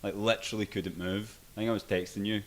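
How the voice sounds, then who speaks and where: A man's voice: fairly low pitch, level tone, fast talker. A young man co-hosting a podcast, telling a long story in a rambling, loose way and swearing freely. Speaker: podcast co-host. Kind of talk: casual chat.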